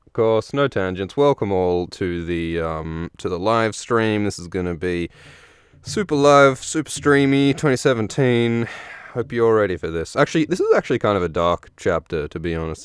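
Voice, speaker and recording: A man's voice: lowish voice, smooth, dry recording, studio quality. A man hosting a podcast in rambling casual chat, playful, repeating words and drifting into tangents. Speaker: podcast host.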